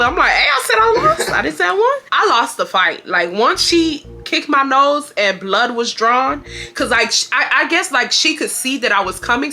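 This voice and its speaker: A woman, telling a story in a casual, animated and profane way. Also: a little high. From Houston, Texas. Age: 20s. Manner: animated and profane, acting out shouted quotes. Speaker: vlogger.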